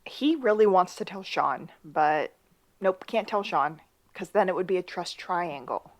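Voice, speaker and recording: A woman with a somewhat low voice co-hosts a casual podcast. She recaps a TV episode in relaxed, chatty talk, slipping in dry asides. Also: measured pace. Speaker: podcast co-host.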